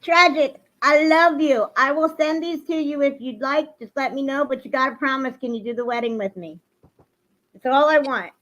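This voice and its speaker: A woman's voice: high-pitched, normal speed, a bit bright. Emotional woman streaming live. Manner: emotional, swings into angry ranting. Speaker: livestream host. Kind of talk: casual livestream chat to viewers. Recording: lo-fi livestream audio.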